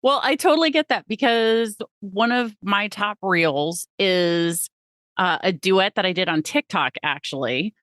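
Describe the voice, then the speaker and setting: A woman's voice: medium pitch, measured pace, a bit bright, no room sound, clean studio sound. A woman hosting a podcast, chatting casually and laughing often. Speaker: podcast host.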